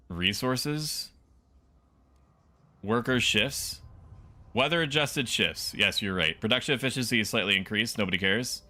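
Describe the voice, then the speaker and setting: A man's voice: medium pitch, moderate pace, bright, forceful tone. A man streaming a strategy game, joking with chat while he plays. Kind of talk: casual gaming livestream commentary.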